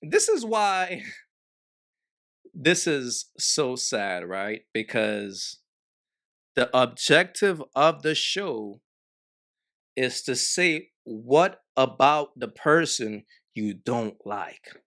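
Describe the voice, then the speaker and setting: A man's voice: medium pitch, expressive, extremely slow, fairly bright tone. A man hosting a reaction video, talking to his viewers in casual, emphatic slang.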